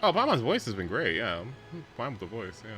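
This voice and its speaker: A young man live-streaming a video game in casual chat, swearing often and swinging from mumbles to shouts. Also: fairly low pitch, wildly swooping pitch, fairly quick, music in the background.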